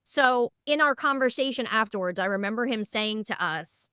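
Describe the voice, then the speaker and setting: Woman podcast guest, earnest storyteller, clear smooth tone. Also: fairly high pitch, moderate pace, no echo, clean studio sound. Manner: animated storyteller, lively and earnest. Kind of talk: casual interview chat.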